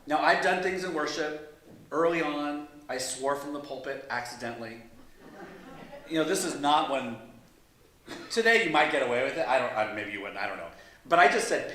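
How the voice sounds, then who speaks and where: A man who is a pastor tells a story to a church meeting, poking fun at himself with chuckling asides. His voice sits a little high for a man. The sound bounces heavily around a large hall. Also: animated, normal speed, long pauses, a bit bright. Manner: self-deprecating, chuckling asides. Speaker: pastor and guest speaker. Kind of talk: humorous storytelling talk. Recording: very echoey hall.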